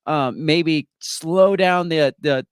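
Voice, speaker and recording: Brief: man, fairly high voice, animated and mocking, dry close sound, hosting a live stream chat. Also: slow, clear, resonant tone, no echo. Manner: animated, mocking, mimics others in put-on voices. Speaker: host. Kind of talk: casual political chat.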